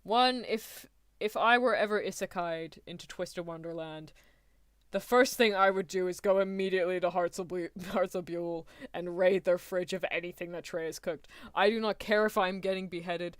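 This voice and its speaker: A woman's voice: lowish voice, steady tone, moderate pace, no echo, clean studio sound. A woman streamer giving rambling, chatty reaction commentary, often laughing mid-sentence.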